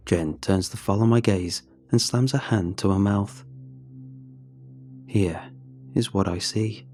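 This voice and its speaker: A man narrating a first-person horror story in a measured, tense, scripted way. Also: fairly low pitch, mellow.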